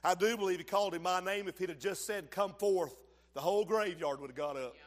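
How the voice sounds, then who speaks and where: Male preacher, high voice, fervent sermon full of shouts and asides, long church reverb. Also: a little fast. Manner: fervent preaching, swells to shouts and drops low, calls to the congregation. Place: church sanctuary.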